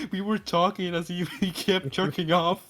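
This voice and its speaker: A man's voice: sits high, steady tone, slow, a bit bright. A young man in casual teasing banter over voice chat, often giggling. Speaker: listener in voice chat.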